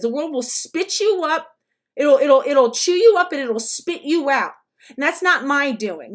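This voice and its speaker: A woman with a notably high-pitched voice delivers reaction commentary as a rant. She is blunt and emphatic and swears freely. She now and then mocks others in short put-on quotes. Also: a bit bright. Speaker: commentary vlogger.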